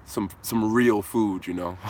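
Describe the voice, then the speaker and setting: A man's voice: on the low side, steady tone, slow, darkish tone, a little hiss or hum. A man hosting a casual live Q&A outdoors, talking in a laid-back, slangy way into a hand-held phone. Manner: laid-back slangy talk, answers viewer comments. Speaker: host.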